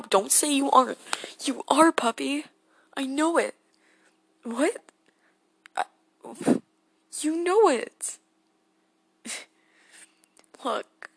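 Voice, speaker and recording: Woman voicing Deku, a soft, giggly boyfriend. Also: high voice, vocal fry, slightly rough, heavily acted. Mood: giggling protests. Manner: soft-spoken and tender, breaking into giggles when tickled. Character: gentle, goofy teenage boy hero, affectionate boyfriend. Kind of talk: boyfriend role-play audio.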